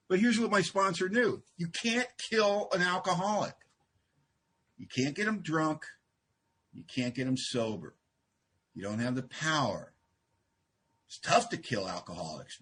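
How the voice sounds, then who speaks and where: A man's voice: on the high side, a bit bright, slightly rough. A man speaking at a support group meeting, telling a personal story with self-deprecating, wry humor. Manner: self-deprecating, wry, acts out quoted exchanges.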